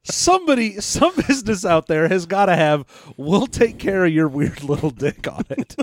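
Lively goofy podcast co-host. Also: male voice, sits high, moderate pace, slight background noise. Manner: playful, goofy, laughing. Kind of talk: casual podcast banter.

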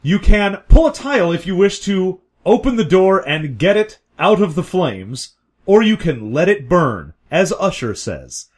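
Lively husky male game master. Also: sits high, measured pace. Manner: playful, jokey narration. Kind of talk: narrating a tabletop game.

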